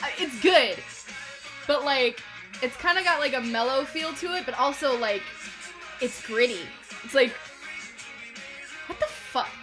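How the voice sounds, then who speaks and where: A woman reviewing an album in a reaction video, excitable and swearing, swinging between hushed whispers and shouts. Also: high-pitched, measured pace, pauses often. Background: album music playing.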